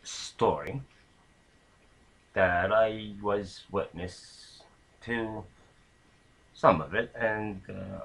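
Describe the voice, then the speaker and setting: A man's voice: fairly low pitch, extremely slow, gravelly, long pauses, fairly bright tone, breathy edge, rough recording. A man casually telling a long anecdote, rambling with many fillers and restarts. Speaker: storyteller.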